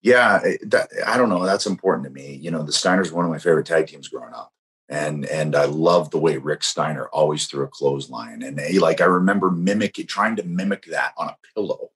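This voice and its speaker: A man's voice: very deep voice, brisk, a bit bright, breathy edge. A man talking casually on a show, reminiscing about wrestlers he admired growing up. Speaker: wrestler guest. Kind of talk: casual chat.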